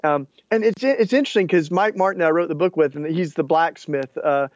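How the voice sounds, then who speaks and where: A man's voice: fairly high pitch, a little fast, no room sound, lo-fi sound. A man, an author and activist, explaining earnestly in a played interview clip, with many restarts and fillers.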